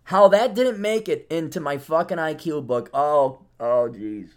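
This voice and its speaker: An animated podcast host with a fairly high voice and an unhurried delivery tells rambling, profane comic stories, acting out the quotes as he goes.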